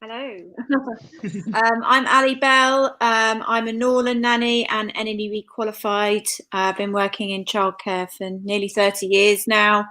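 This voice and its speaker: Middle-aged woman, slow, flat delivery, hesitant, bright tone. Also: on the high side. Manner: hesitant, many fillers. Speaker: guest, nanny agency owner. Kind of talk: self-introduction.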